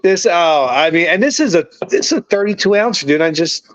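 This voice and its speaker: A man co-hosting a casual podcast chat over beers, talking in an animated, emphatic way and swearing freely. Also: high voice, a little fast, no echo. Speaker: co-host. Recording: dull lo-fi dry sound.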